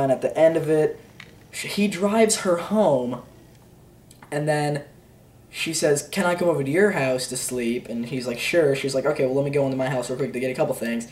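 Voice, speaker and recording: A man's voice: medium pitch, darkish tone, distant mic. A teenage boy giving a rambling, unsure movie review, full of fillers and offhand "blah, blah, blah" asides. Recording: roomy echo, a bit off-mic.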